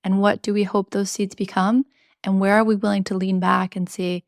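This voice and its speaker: A woman's voice: medium pitch, little pitch movement, moderate pace, no echo, clean studio sound. A woman hosting a tarot podcast, talking in an earnest, chatty way with slangy asides. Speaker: podcast host reading tarot. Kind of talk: casual spiritual monologue.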